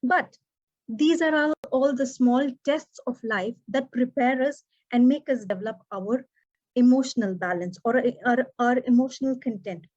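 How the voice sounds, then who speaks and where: Woman educator in her thirties, highish voice, expressive speech, dull lo-fi recording. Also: moderate pace. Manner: expressive, acts out quoted dialogue. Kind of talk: prepared contest speech.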